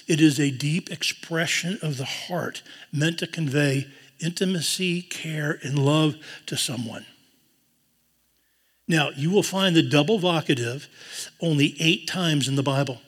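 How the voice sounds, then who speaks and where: Earnest preacher in a reverberant hall. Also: male voice, on the high side. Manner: earnest, drops to a hushed voice for tender quotes. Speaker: pastor. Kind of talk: sermon.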